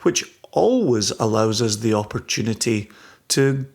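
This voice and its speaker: A man's voice: fairly low pitch, lively intonation, measured pace, darkish tone. A man co-hosting a casual podcast, teasing his partner and thinking aloud in a reflective way. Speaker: podcast co-host.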